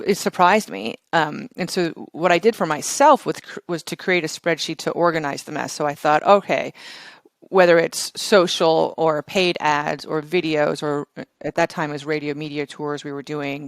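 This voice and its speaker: A woman's voice: deep voice, steady tone, moderate pace, dry recording. A middle-aged woman, a company founder, chatting energetically as an interview guest, often laughing and restarting her sentences. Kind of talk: casual interview chat.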